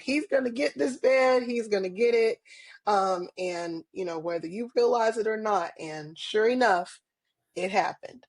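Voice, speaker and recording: A woman's voice: fairly low pitch, a little mellow, no echo. A woman guest on a podcast interview, talking casually and earnestly with lots of ums and small laughs. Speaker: podcast guest, parent advocate.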